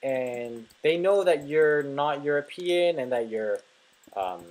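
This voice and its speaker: A man's voice: fairly high pitch, animated, slow, a little mellow, low-quality recording. A young man from North America giving casual gameplay commentary, rambling into stories with lots of fillers and casual swearing. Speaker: let's play host.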